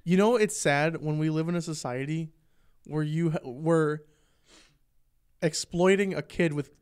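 A man's voice: fairly high pitch, measured pace, clean tone. A man co-hosting a casual podcast, rambling and profane, often breaking into laughter. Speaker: co-host.

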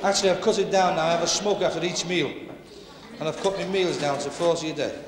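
His voice is a little high and fairly even in intonation, and he keeps a quick pace as he does stand-up in a working men's club. The Liverpool-accented comic is brash and full of banter, talking with the crowd, and the recording picks up hall echo and background noise.

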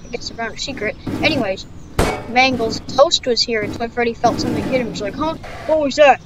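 A woman improvising a story over gameplay in a rambling, distracted way, full of fillers, with loud noise behind her. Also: a little high, fast talker.

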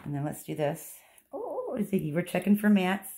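A woman dog groomer talks through a grooming lesson in a chatty, reassuring way, stopping to soothe the dog. Her voice sits a little low. The room is echoey, with faint background noise. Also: a little fast. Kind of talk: hands-on grooming tutorial.

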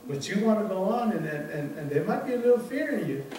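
A man giving an informal sermon as a church elder, telling a story from work with many halting restarts. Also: sits high, big pitch swings, dark tone, recorded from a distance. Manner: repetitive, halting restarts, conversational. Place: church sanctuary. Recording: very echoey room, voice off-mic, faint noise.

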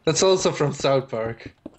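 A man's voice: medium pitch, expressive, moderate pace. A man streaming a game and chatting casually, joking around and laughing often. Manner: joking, laughs often, sings silly bits. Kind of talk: casual chat while gaming.

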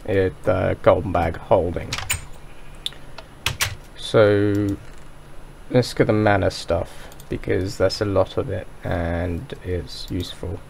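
A man with a somewhat low, gravelly voice plays a game and rambles along at an unhurried pace. He mocks his own mistakes as he goes, and his throat sounds a bit dry. Faint room noise and keyboard typing sit under his voice. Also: steady tone. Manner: rambling, self-mocking, thinks aloud. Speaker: gaming YouTuber. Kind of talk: Minecraft let's play commentary.

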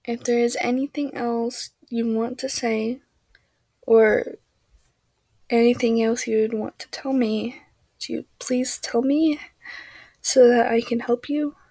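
A woman voicing a gentle, caring young male boyfriend in a soft, reassuring whispered role-play. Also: a little high, fairly even intonation, slow pace, long pauses, no echo. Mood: tender.

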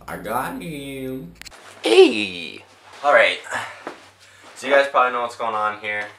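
A man's voice: fairly low pitch, distant mic, background noise. A man vlogging casually while he bathes his dog, coaxing and scolding it and joking in between. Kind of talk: casual vlog chatter. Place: bathroom, at the tub. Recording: echoey bathroom, off-mic, loud music behind.

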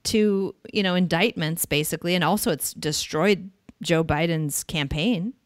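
A woman's voice: fairly low pitch, moderate pace, no room sound, clean studio sound. Blunt, opinionated woman podcast host. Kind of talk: casual political chat.

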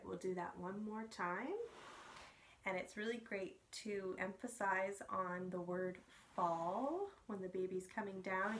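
A young woman leading parents through nursery rhymes and songs for babies, gentle and encouraging. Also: medium pitch, a little hiss or hum. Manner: gentle, encouraging, sing-song. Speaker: early years program facilitator.

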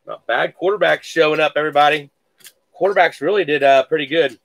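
A man's voice: on the high side, fairly quick, gravelly, fairly bright tone. A man hosting a live card-breaking stream, reading out pulls with hype catchphrases and playful mock-cursing.

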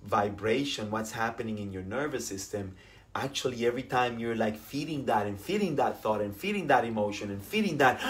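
A man with a Latin American Spanish accent, a spiritual coach chatting casually as co-host, animated and laughing often. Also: medium pitch, moderate pace. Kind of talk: casual chat.

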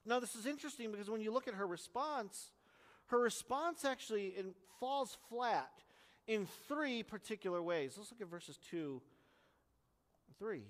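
A man with a notably high speaking voice preaches an expository sermon, earnest and explanatory, pressing hard on key words. His voice carries a long reverb from a church sanctuary. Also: lively intonation, normal speed, fairly bright tone. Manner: earnest, explanatory teaching with strong emphasis. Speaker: pastor.

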